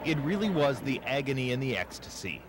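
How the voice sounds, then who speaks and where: A man's voice: mid-range voice, big pitch swings, a little fast, background noise. Grave male news narrator.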